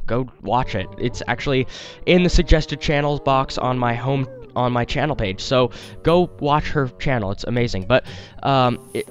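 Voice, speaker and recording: A man hosting a let's play, giving rambling, apologetic gameplay commentary into a headset mic. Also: medium pitch. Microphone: desktop headset mic.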